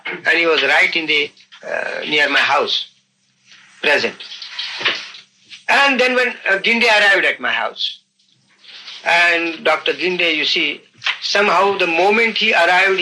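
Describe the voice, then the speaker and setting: An older man recounting events in an unscripted interview, earnest and halting, often saying "you see". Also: on the high side, bright, forceful tone, slight background noise, low-quality recording. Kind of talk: unscripted storytelling.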